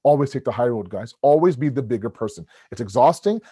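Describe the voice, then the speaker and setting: A man with a booming voice giving an animated religious family lecture over a video call, often restarting his words. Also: quick pace, husky, no echo, clean studio sound.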